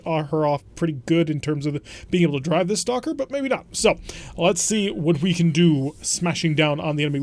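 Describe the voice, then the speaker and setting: A man's voice: fairly high pitch, a little mellow, no echo. A man hosting a let's play, chatting casually and thinking aloud as he plays a strategy game. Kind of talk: casual gameplay commentary.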